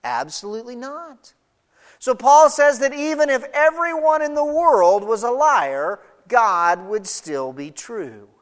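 A man's voice: very high-pitched, big pitch swings, slow. A man preaching an expository sermon, emphatic, reading scripture aloud and explaining it. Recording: long reverb of a large hall.

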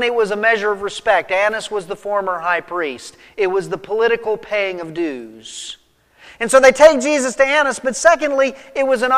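A man's voice: high voice, a bit bright. A man preaching a sermon, retelling a scripture story vividly with rising and falling emphasis. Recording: long hall reverb.

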